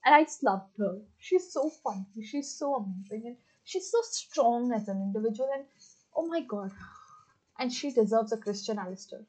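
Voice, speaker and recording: A woman hosting a podcast in casual book chat, gushing and excitable, with lots of fillers. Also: on the high side, normal speed, husky. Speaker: podcast host. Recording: dull lo-fi recording.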